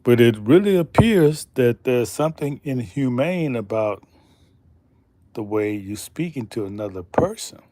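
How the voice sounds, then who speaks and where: A man hosting a slow, deliberate commentary monologue, emphatic and pausing often, asking pointed rhetorical questions. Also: mid-range voice, animated, dark tone, slight background noise. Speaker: channel host.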